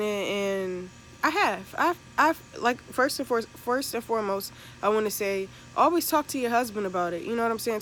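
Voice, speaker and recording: A woman's voice: medium pitch, fairly bright tone, a little hiss or hum. Young woman, religious vlogger, casual rambling chat, mid-range voice. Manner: chatty, rambling, addresses viewers as y'all. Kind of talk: casual faith-based vlog chat.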